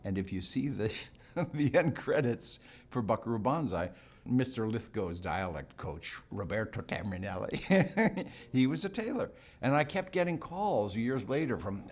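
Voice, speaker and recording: A man's voice: mid-range voice, sing-song, measured pace, darkish tone. A male actor recounting anecdotes in an interview, chuckling as he talks. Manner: chuckles while telling stories. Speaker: actor interviewed about a film role.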